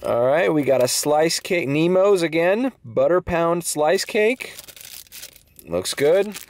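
A man's voice: a little high, animated, slow pace, slight background noise. A young man delivering food, ranting bluntly and sarcastically with swearing, speaking English with a slight Latino accent from inside his car. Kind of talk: casual rant vlog.

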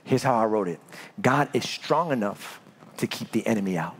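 A man preaching a sermon as pastor, telling stories with big swings from loud to hushed. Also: on the low side, expressive, normal speed, breathy edge. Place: church.

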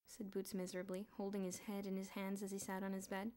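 A woman reading a children's novel aloud in a clear, even storytelling manner. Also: medium pitch, fast talker. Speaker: audiobook reader.

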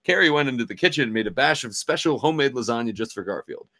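Man reading absurd prose in bright voice. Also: mid-range voice, expressive, quick pace. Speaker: streamer reading aloud. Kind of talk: mock-dramatic reading aloud.

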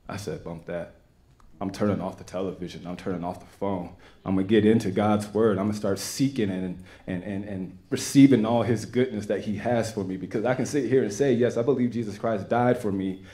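A young man with a Texan accent giving an earnest, halting personal testimony to a church congregation. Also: fairly low pitch, mellow. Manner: earnest, halting, with many restarts. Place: church sanctuary.

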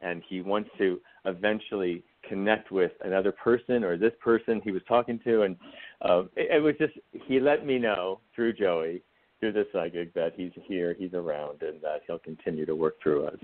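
A man, a guest actor and writer, talking in a radio interview, halting and heartfelt as he reflects. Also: deep voice. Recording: phone-like call line.

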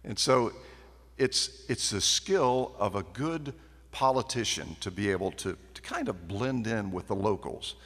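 Lively, animated man telling stories. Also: lowish voice, unhurried, slightly rough. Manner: folksy storyteller, lively and animated. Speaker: guest speaker at a business banquet. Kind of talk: anecdotal after-dinner speech. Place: banquet hall. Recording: echoey banquet hall.

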